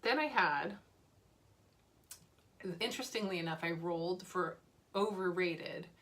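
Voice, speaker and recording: A woman's voice: lowish voice, measured pace, fairly bright tone, slight background noise. A woman beauty vlogger talking casually and candidly about makeup she is using up, with fillers and small laughs. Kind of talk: casual chat.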